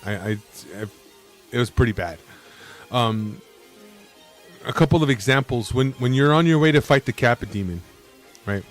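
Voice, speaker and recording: A brash male streamer in loose live-stream chat, arguing hard, swearing, and tossing in bro and dude. His voice sits at an ordinary middle pitch. Faint music runs under him. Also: normal speed, pauses often.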